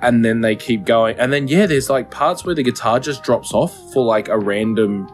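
A man's voice: medium pitch, moderate pace, soft background music. A man co-hosting a casual podcast, rambling and swearing as he chats. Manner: rambling, sweary, self-mocking. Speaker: podcast co-host. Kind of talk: casual chat.

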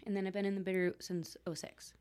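A woman's voice: mid-range voice, flat delivery, quick pace, darkish tone. A woman in her forties from Connecticut, chatting casually as an interview guest, laughing often and trailing off with lots of fillers. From Connecticut, USA. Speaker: guest, fermented foods producer.

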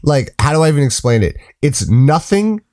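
A young man co-hosting a casual podcast, excitable and quick to jump in, with lots of filler words. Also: on the high side, no room sound, studio quality. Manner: excitable, animated, filler-heavy. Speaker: podcast co-host. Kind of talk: casual chat.

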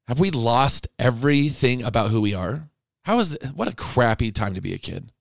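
A man's voice: mid-range voice, lively intonation, moderate pace, gravelly, no room sound, clean studio sound. A middle-aged man hosting a podcast, talking in an impassioned monologue that is indignant, emotional and pleading. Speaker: podcast host.

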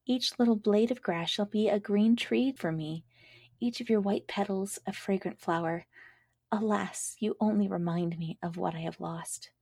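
A woman reading a storybook, voicing a thirsty, dying captive lark in a breathy, half-whispered lament. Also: medium pitch, normal speed, a little mellow, no room sound, clean studio sound. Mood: sorrowful.

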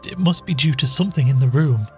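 A man's voice: fairly high pitch, fast talker, darkish tone, soft background music, lightly acted. A man voicing a timid, horror-stricken woman in a ghost story, stammering in fear. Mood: frightened. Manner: stammering, scared.

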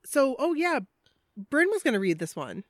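A woman's voice: high voice, sing-song, normal speed, dry recording. A woman co-hosting a podcast in casual chat, reading a listener's story aloud and breaking off for laughing asides. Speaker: podcast co-host.

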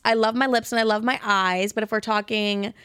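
A woman's voice: fairly high pitch, fairly even intonation, a little fast, a bit bright, clean tone, no echo. Young woman, podcast host, casual and profane, slightly winded, dry close recording. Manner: candid, profane, chatty, self-deprecating. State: slightly out of breath. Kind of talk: casual solo podcast chat.

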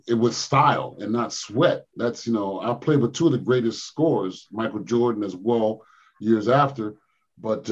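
An older man from Philadelphia, a former pro basketball player, telling animated stories in an interview. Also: on the low side, lo-fi sound. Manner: animated storyteller, acts out quotes with laughs. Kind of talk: storytelling interview.

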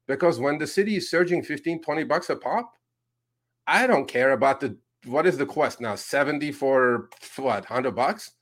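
Male co-host, rideshare driver; animated sarcastic rant, somewhat raised pitch, loose casual delivery. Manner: ranting, sarcastic, frequent fillers and restarts.

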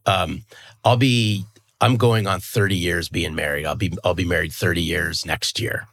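A man in his fifties, a guest in a conversational interview, speaks in a deep, gravelly, slightly bright voice. He talks earnestly and with emphasis, often restarting and repeating words.

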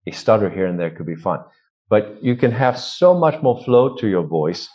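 A man's voice: fairly low pitch, big pitch swings, normal speed, a little mellow. A man from Sweden with a Swedish accent, a vocal coach explaining voice technique in an interview and demonstrating sounds aloud.

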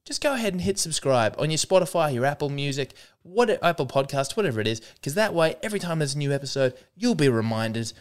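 Sardonic Australian man, lively delivery. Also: a little high, quick pace, hardly any pauses, smooth. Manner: sardonic, self-deprecating, mock-earnest irony. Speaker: comedian podcast host. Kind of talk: solo comedy podcast monologue.

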